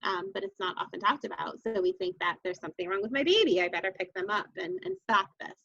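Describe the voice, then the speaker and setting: Bright-voiced woman explaining on a lo-fi call. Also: medium pitch, fast talker, vocal fry, dry recording. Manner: calm, teacherly, laughs often. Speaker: guest sleep consultant. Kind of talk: explanatory interview talk.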